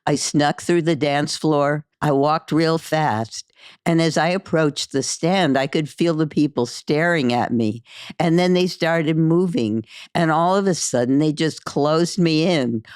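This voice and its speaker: A woman's voice: low voice, a little mellow, smooth, no room sound. Woman reading a memoir, very dry. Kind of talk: audiobook-style memoir reading.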